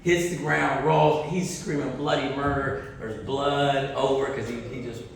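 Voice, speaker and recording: A man giving a keynote speech at a university conference, telling stories with animated energy, laughs and restarts. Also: mid-range voice, a little slow. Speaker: keynote speaker. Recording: echoey hall, distant mic, faint noise.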